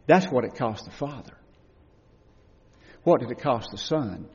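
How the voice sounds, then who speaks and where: A man preaching a sermon with passion, rising to loud cries and falling to hushed tones. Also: mid-range voice, measured pace, pauses often, slightly rough. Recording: dull, lo-fi recording with long hall reverb.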